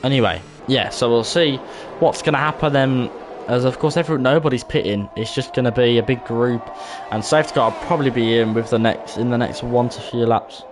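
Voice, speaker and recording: A man giving chatty, excitable live commentary on an esports racing stream. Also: medium pitch, fairly quick, music in the background. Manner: chatty, excitable, talks to chat.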